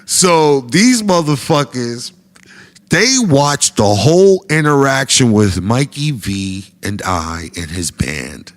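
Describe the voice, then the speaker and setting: Profane, slangy man telling a story. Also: on the low side. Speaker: storyteller guest. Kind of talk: casual comic storytelling.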